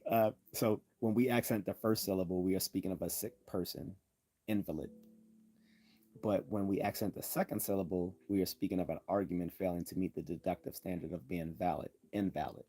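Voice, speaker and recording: A man's voice: deep voice, steady tone, fast talker, hardly any pauses, mellow, slightly rough. A man hosting a casual livestream lecture on logical fallacies, with sardonic asides and frequent ums. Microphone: desktop computer mic.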